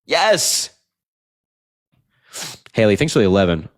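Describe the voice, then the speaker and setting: A young man hosting a late-night political livestream, ranting earnestly, repeating himself, and reading out chat donations while sounding tired. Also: lowish voice. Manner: earnest, repetitive, fast rants with filler "like".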